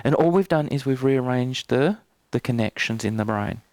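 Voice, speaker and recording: A man's voice: medium pitch, expressive, normal speed, darkish tone, dry recording. Trainer type, male, playful and teasing, dry close sound. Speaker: NLP trainer. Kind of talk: live workshop demonstration. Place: training room.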